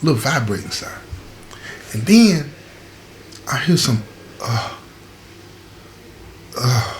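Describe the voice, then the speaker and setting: Male storyteller, higher voice with wide swings, chatty, keeps checking in with his audience. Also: a little hiss or hum. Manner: animated, addresses the audience with "you feel me" and "y'all". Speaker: storyteller recounting prison life. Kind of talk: casual storytelling to viewers.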